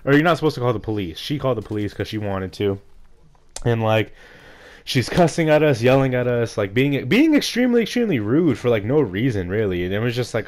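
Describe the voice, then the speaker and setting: Young dude, kinda sick and rough sounding, lower voice, rambles with a ton of "like". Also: male voice, lively intonation, brisk. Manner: rambling, heavy use of "like", frustrated. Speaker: gaming vlogger. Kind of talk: casual storytime rant over gameplay.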